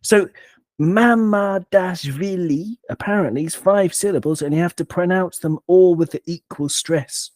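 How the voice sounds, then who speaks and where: A man hosting a football podcast, talking in a playful, digressive, animated way. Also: fairly high pitch, moderate pace, hardly any pauses, dry recording, studio quality. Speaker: podcast host. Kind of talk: casual football chat.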